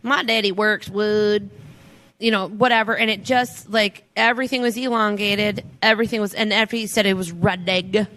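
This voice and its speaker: A woman co-hosting a casual podcast chat, chatty and quick to laugh. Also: medium pitch, steady tone, a bit bright, slight background noise. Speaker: podcast co-host.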